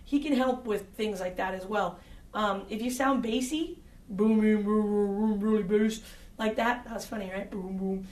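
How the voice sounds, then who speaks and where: A woman's voice: mid-range voice, normal speed, a little mellow, roomy sound, distant mic. A woman who works as an audio engineer, giving direct, conversational advice to singers, with frequent fillers. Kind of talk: instructional talk.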